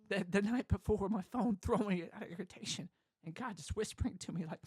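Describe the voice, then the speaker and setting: A young adult man telling his story as an interview guest, animated, often laughing and acting out the voices of others. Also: high voice, fast, husky, no room sound. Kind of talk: casual storytelling.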